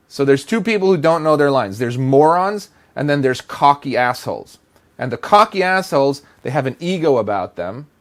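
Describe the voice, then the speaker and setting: A man with a somewhat high voice delivers acting advice as a blunt rant. He sounds exasperated and drives each point home by repeating it. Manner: blunt, exasperated, emphatic repetition. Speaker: producer and director giving acting advice. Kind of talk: direct-to-camera advice rant.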